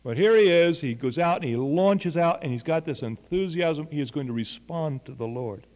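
A man's voice: on the high side, expressive, normal speed, a little mellow, long reverb tail, lo-fi sound. A man preaching a sermon, telling a story earnestly and voicing the people in it. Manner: earnest storytelling with quoted dialogue.

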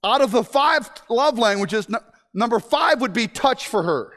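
High-voiced man preaching with sudden shouts. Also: moderate pace. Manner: animated and joking, with sudden shouts and hushed asides. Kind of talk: sermon to a live congregation.

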